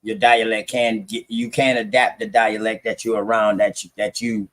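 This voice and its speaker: A man's voice: on the low side, level tone, moderate pace, fairly bright tone. A man hosting a casual chat, talking in a slangy way and explaining things point by point. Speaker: host.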